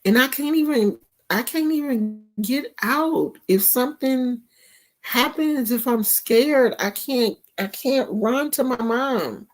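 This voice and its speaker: A woman's voice: sits high, slow pace. A woman, chatting casually and animatedly to her viewers in a vlog. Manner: animated, talks straight to viewers with dialect and asides. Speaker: vlogger.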